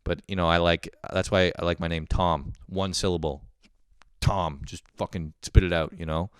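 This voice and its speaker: A man's voice: sits low, fairly even intonation, moderate pace, clear, resonant tone, dry recording, clean studio sound. A young man hosting a podcast, ranting casually and mocking himself with lots of swearing. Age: young adult. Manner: profane, self-mocking rants with mock-outraged voices. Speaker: podcast host. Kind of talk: casual comedic monologue.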